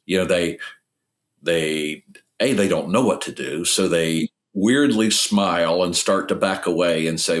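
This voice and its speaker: A man's voice: low-pitched, normal speed. A man speaking as a podcast guest, earnestly explaining ideas through stories. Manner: earnest, illustrative storytelling. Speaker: podcast guest, recovery ministry founder. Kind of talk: conversational interview.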